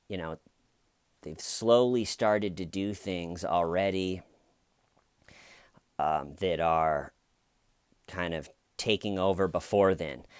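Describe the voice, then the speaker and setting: A man's voice: sits low, smooth, no echo, clean studio sound. A man casually telling a true crime story with jokey, sarcastic asides.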